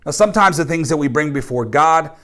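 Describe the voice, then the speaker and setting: Earnest pastor, conversational. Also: male voice, fairly high pitch, animated, fast talker, fairly bright tone. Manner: earnest, conversational, addresses listeners as friends. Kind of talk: daily devotional talk.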